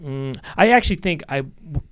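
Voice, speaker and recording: A man in his forties hosting a comedy podcast, talking in a rambling, halting way with many fillers. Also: a little high, animated, no echo. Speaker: podcast host. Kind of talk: casual chat.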